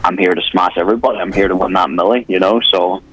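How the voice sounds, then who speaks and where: A man's voice: deep voice, fairly even intonation, quick pace, a bit bright, no echo, rough recording. A young man with a Northern Irish accent, an MMA fighter confidently and bluntly answering interview questions over the phone. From Northern Ireland. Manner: confident, blunt, swears casually. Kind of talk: phone interview on talk radio.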